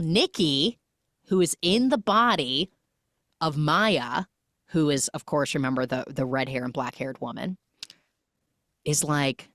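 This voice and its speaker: A woman's voice: sits low, fairly bright tone, dry recording, clean studio sound. A woman hosting a podcast, retelling a film's plot in a chatty way and briefly acting out each character's lines. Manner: chatty, acts out the characters' lines in quick snippets. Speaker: podcast host. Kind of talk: casual film recap.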